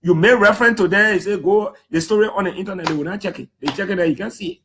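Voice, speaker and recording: A Liberian man in his thirties with a high, bright-pitched voice tells his stories with lively emphasis. His pitch swings up and down as he acts out what others said, and his Liberian English accent is strong throughout. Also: racing, a little hiss or hum. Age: 30s. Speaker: human rights defender speaking to the public. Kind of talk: animated storytelling talk.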